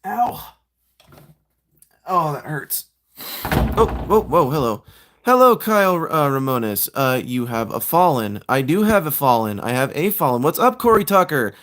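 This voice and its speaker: A young man talks his way through transforming a toy on a live stream, rambling and poking fun at himself as he goes. His pitch swings widely, jumping from muttered asides to bursts of loud exasperation. He breaks off to greet viewers in the chat. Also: sing-song, measured pace. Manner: rambling, self-mocking, talks to chat while fiddling.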